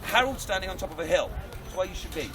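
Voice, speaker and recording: A man performing a loud, jokey live history show as a castle archer, teasing the audience. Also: high-pitched, animated, racing. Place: outdoors at a castle. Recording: windy outdoor crowd noise. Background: crowd and wind.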